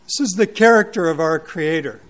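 A man's voice: fairly high pitch, a little fast, fairly bright tone. A man preaching a sermon, emphatic and questioning, repeating words for weight.

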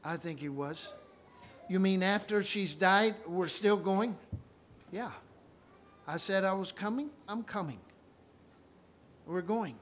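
A man delivering a sermon in a high voice. He speaks at an unhurried pace, moving from quiet storytelling to loud, ringing cries. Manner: storytelling, swings from soft to loud ringing proclamations. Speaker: preacher.

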